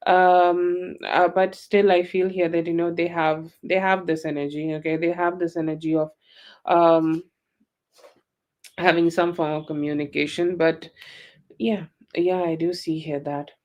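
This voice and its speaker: A woman's voice: low-pitched, darkish tone. A woman doing a live tarot reading, rambling and loose, constantly tagging her lines with "okay" and "you know". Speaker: tarot reader.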